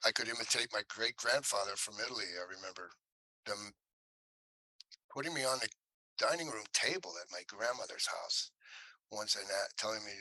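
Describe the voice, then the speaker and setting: A man guesting on a podcast, telling animated stories about his life and dropping into quick impressions. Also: on the low side, dry recording, rough recording. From Cleveland, US. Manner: animated storyteller who slips into impressions. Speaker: actor guest. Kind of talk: podcast interview storytelling.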